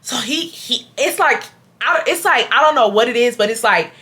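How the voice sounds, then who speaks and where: A woman in her twenties from Houston, Texas, telling a storytime to her viewers in an animated, casual way and acting out loud quotes. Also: a little high, normal speed. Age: 20s. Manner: addresses viewers as y'all. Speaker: storytime vlogger.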